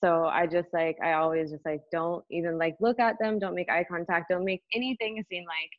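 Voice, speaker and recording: Young woman guest, casual animated storyteller; dry, slightly lo-fi recording. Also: on the low side, a little fast, no echo. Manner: animated, lots of fillers, acts out voices in anecdotes. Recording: dull, slightly lo-fi dry sound.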